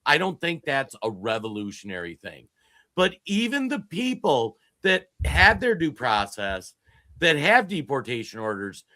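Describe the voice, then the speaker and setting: A man co-hosting a political commentary podcast, talking in an animated, emphatic way with frequent restarts. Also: on the high side, no room sound. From Minnesota. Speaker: podcast co-host. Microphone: streamed podcast mic.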